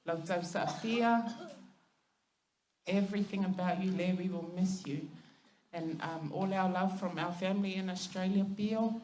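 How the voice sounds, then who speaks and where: A woman's voice: fairly low pitch, normal speed, darkish tone. A woman giving a loose, bilingual funeral eulogy with some laughter. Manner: loose, mixing two languages, with laughs. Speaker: eulogy speaker, cousin. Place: funeral service hall. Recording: echoey hall with faint noise.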